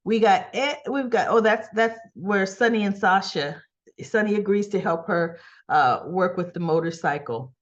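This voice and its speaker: A woman's voice: mid-range voice, normal speed, lo-fi sound. A woman recapping and reviewing a soap opera episode in casual chat, acting out the characters' lines and laughing often in disbelief. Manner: animated storyteller, acts out characters' lines; laughs often, teasing and incredulous.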